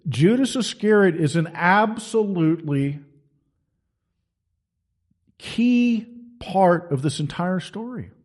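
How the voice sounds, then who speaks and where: A man's voice: sits high, expressive, takes it slowly, pauses often, darkish tone, breathy edge. A man preaching a sermon in an emphatic, colloquial storytelling manner.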